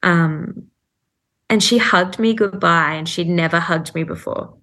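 A woman's voice: lowish voice, measured pace, pushed and bright. A woman guest in a podcast interview, earnestly recounting a personal story with frequent fillers and quoted thoughts.

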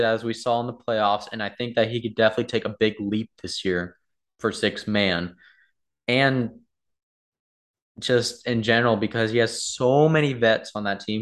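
A man's voice: mid-range voice, fairly bright tone. A young man chatting casually about basketball, rambling and correcting himself as he talks to his viewers. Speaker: sports vlogger. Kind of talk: casual sports commentary.

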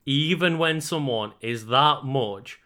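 A man's voice: mid-range voice, slow, pushed and bright. A man in casual chat, laid-back and laughing along.

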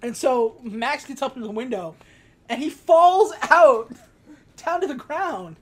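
A woman's voice: sits high, lively intonation, measured pace. A woman co-hosting a casual podcast, retelling a movie plot in a rambling, laughing way, acting out quotes as she goes. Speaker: podcast co-host. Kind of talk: casual movie recap chat.

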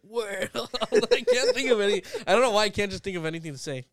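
A man's voice: high-pitched, huge pitch swings, fast, a bit bright, no room sound, studio quality. A man in casual podcast chat, hesitant and unsure of himself, laughing easily.

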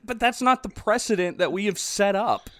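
A man's voice: high-pitched, lively intonation, normal speed, a bit bright, no echo, studio quality. A man co-hosting a podcast, reviewing a movie in a sarcastic, joking way. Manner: sarcastic, joking, often laughing. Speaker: podcast co-host. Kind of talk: casual movie-review chat.

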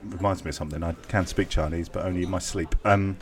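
A man's voice: low voice, fairly even intonation, fast. A man co-hosting a podcast in casual chat, rambling and correcting himself with dry humour. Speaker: podcast co-host.

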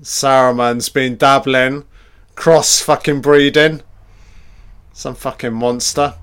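A man giving casual, excitable commentary on a film as he watches it, swearing freely and reacting aloud to each scene. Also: medium pitch, takes it slowly, smooth.

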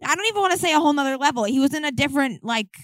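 A woman's voice: high voice, lively intonation, racing, fairly bright tone, no room sound. A young adult woman co-hosting a casual church chat, chatty and a bit hesitant. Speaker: co-host.

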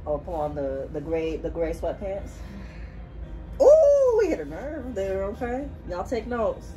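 A woman co-hosting a podcast in casual chat, bubbly and animated, hyping up her friend. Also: medium pitch, unhurried, soft background music. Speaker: podcast co-host.

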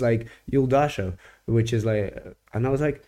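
A young man from Russia hosting a casual chat, telling animated stories and swearing freely. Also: mid-range voice, moderate pace. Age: young adult. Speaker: podcast host.

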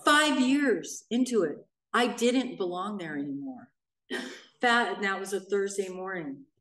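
A middle-aged woman, main speaker at a recovery meeting, telling her own story in a blunt, animated way and acting out the voices of people she quotes. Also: medium pitch, measured pace. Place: meeting room in a church. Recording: roomy sound, mic at a distance.

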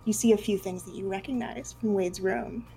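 A woman narrating as game master of a tabletop role-play, relaxed and quick to laugh. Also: mid-range voice, creaky, a little hiss or hum, low-quality recording.

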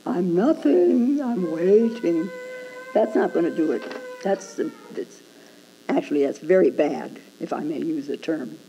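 A woman's voice: low-pitched, animated, moderate pace, gravelly, warm tone, dull audio, a little hiss or hum. A woman Zen teacher giving a dharma talk, prodding her listeners with rhetorical "hmm?" questions and chuckling at her own points.

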